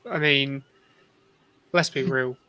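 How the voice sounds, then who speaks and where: A man's voice: medium pitch, fairly even intonation, takes it slowly, bright, forceful tone, clear, resonant tone, no echo. A man speaking as a guest on a casual fan stream, blunt and resigned. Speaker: guest panelist. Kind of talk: casual live-stream chat.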